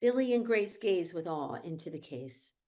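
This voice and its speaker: A woman reading stage directions aloud in a measured, descriptive way at a virtual table read. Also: lowish voice, expressive, dark tone. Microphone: video call.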